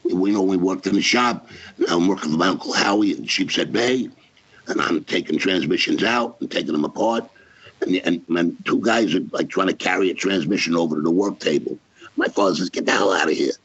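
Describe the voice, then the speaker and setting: A man's voice: deep voice, fairly quick, a bit bright, husky, no room sound. A man, a wrestling manager, telling stories in a brash, emphatic way during a casual interview. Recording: dull lo-fi podcast audio.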